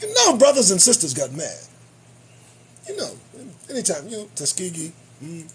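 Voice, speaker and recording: A man's voice: sits high, normal speed. A man hosting his own show, giving profane, sarcastic commentary on the news. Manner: animated, swearing, sarcastic. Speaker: show host.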